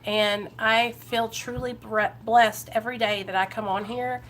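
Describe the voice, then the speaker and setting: An earnest woman with an Ohio accent talks directly to her viewers on a live vlog, encouraging them and calling them by name. Her voice sits a little high, with a faint hum of room noise behind her. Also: steady tone, measured pace, a bit bright. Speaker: recovery vlogger. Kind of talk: casual live-stream chat.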